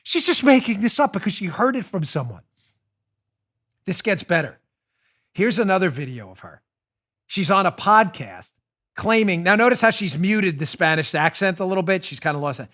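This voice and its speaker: Animated high-voiced male commentary host. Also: moderate pace. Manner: animated, mocking, rant-like. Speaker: show host. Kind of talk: political commentary.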